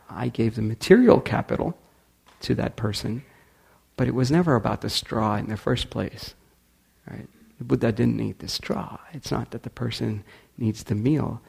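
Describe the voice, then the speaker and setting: A man's voice: medium pitch, vocal fry, slightly rough. A man giving a talk, telling a story and acting out the people in it. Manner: animated storyteller acting out quotes. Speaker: speaker.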